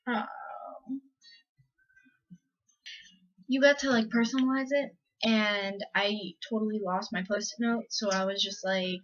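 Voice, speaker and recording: A woman's voice: mid-range voice, measured pace, pauses often. A teenage girl vlogging, telling a story casually with many fillers and acted-out quotes. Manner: chatty, lots of "like" and "um", acts out quotes. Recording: slightly dull lo-fi audio.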